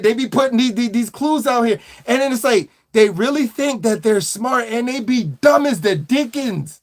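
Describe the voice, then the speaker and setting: A man's voice: extremely high pitch, lively intonation, normal speed, few pauses. A man hosting a livestream, ranting animatedly and mockingly with slang, repeated phrases and stuttered restarts. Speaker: livestream host. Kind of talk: livestream rant.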